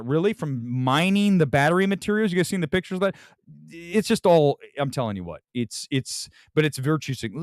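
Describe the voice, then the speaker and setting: A man's voice: on the high side, brisk, no echo, studio quality. A man hosting a talk show, ranting in rambling, sarcastic casual chat. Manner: rambling, animated rants with sarcastic asides. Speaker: podcast host.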